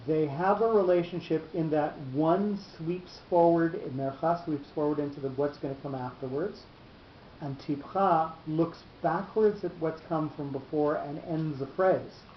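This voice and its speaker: A man teaching a cantillation class, explaining slowly with long pauses. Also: a little high, a little hiss or hum. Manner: patient, explanatory, drawn-out pauses. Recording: echoey room, muffled lo-fi sound.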